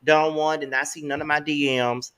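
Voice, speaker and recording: Male gossip co-host, bright tone, lively and expressive delivery. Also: on the high side, moderate pace, smooth. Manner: animated, swings between loud and soft. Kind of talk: casual gossip chat.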